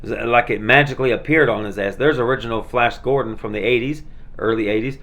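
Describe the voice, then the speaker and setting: A man's voice: medium pitch, quick pace, a bit bright. A man chatting casually and rambling through his collection, with lots of fillers and restarts. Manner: rambling, many fillers and restarts, laid-back. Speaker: vlogger showing his movie collection.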